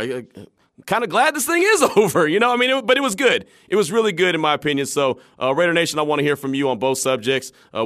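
A man hosting a sports talk radio show, chatting with animated energy and laughing easily. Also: a little high, dry recording, clean studio sound.

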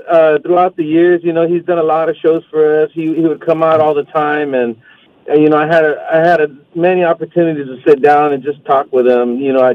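A man's voice: fairly high pitch, no echo. A man calling in to a sports radio show, telling a story casually and acting out the voices. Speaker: caller. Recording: dull phone-line sound.

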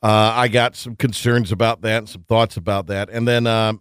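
A man's voice: fairly low pitch, clear, resonant tone, dry recording, clean studio sound. A man hosting a sports talk radio show, chatting and joking casually with his co-host, often restarting his sentences. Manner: animated, quick to joke, restarts sentences.

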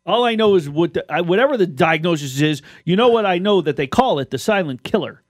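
A man's voice: sits high, expressive, brisk, dry recording, clean studio sound. A man in his fifties telling a rambling story with many restarts, co-hosting a casual radio show. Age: 50s. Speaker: radio co-host. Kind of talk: casual chat.

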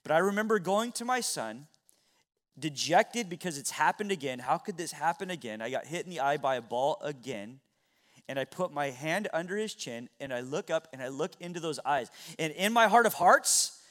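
A middle-aged man preaching from the pulpit with a notably high voice. He moves earnestly between near-whispered passages and ringing, raised exclamations. The sound is of a sermon given in a church. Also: animated, moderate pace. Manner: earnest preaching, swings from hushed to loud. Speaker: pastor. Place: church sanctuary.

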